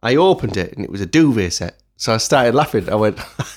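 A man's voice: on the low side, very animated, brisk. A man co-hosting a podcast, telling stories in casual chat and laughing mid-sentence. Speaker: podcast co-host.

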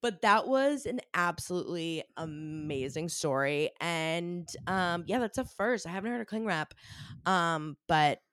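A woman co-hosting a casual podcast, lively and joking, agreeing often with her partner. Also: on the low side, measured pace, a little hiss or hum. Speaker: podcast co-host. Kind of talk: casual chat.

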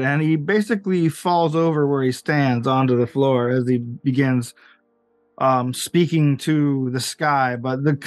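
A man narrating as game master with many pauses and fillers. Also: fairly high pitch, no echo.

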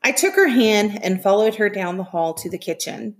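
Brief: woman teacher narrating a novel for a class, steady and even. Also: mid-range voice, moderate pace. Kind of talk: reading a novel aloud.

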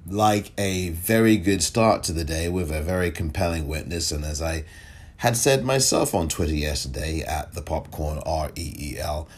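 A man hosting a political commentary podcast, measured and rephrasing himself as he goes. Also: low-pitched, slightly rough. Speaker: podcast host.

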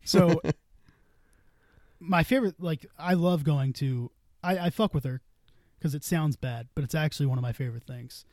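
A man's voice: a little high, measured pace, darkish tone, no room sound, clean studio sound. A young man co-hosting a podcast, telling rambling, profane stories in casual chat and laughing often. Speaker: podcast co-host.

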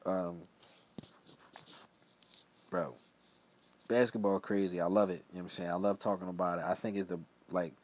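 Young Philly guy hosting solo, rambling casual talk, lowish voice, mumbled tag-ons. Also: steady tone, normal speed, long pauses, darkish tone. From Philadelphia. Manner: loose, rambling, drops into low mumbled asides. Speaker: podcast host.

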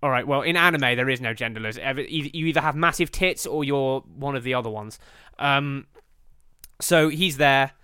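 A man's voice: medium pitch, moderate pace, bright, forceful tone, smooth, no room sound. A man co-hosting a comedy podcast, riffing crudely and laughing as he swears freely through the banter. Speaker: podcast co-host.

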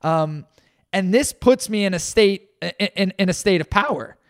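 A man's voice: high voice, animated, moderate pace, clean tone, dry recording, studio quality. A man co-hosting a podcast, talking in an earnest, emphatic way and repeating phrases for stress. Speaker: podcast co-host. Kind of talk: casual podcast talk.

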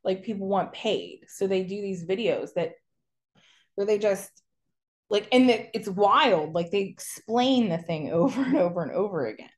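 Woman, podcast co-host, casual chat, rambling storyteller, mid-pitched voice. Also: normal speed. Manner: rambling, animated storytelling with mocking quotes.

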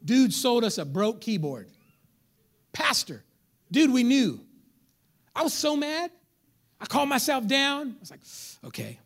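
Animated, high-pitched preaching pastor man. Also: slow, pauses often. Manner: animated preacher, acts out congregants, jokes with crowd. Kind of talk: lively sermon. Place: church.

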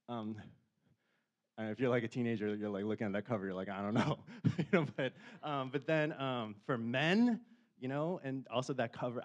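A man's voice: medium pitch, a little mellow. Casual, chatty man preaching. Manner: conversational, self-deprecating, rises to impassioned questions. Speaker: pastor. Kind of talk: casual sermon.

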